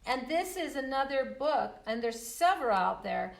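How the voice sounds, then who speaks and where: A woman's voice: high voice, big pitch swings, normal speed, creaky, distant mic. An older woman giving a friendly, encouraging talk to parents on shared reading, with frequent ums. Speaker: early literacy presenter. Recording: echoey room, away from the mic.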